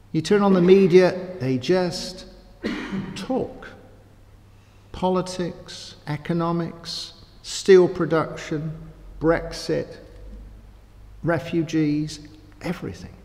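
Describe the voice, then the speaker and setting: A man's voice: on the high side, dark tone. Conversational male preacher in a reverberant church. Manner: conversational, with frequent asides and rhetorical questions. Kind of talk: sermon. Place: church sanctuary. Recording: church hall with long reverb.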